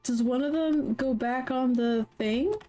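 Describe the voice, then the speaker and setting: Woman streamer, casual livestream chat, flustered, swearing, sings along, unhurried, faint music underneath. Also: high voice, dark tone. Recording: music playing in background.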